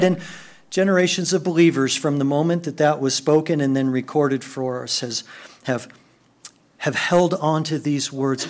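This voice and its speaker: Brief: male pastor, higher voice, animated delivery that shifts from hushed to excited. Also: moderate pace. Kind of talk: sermon.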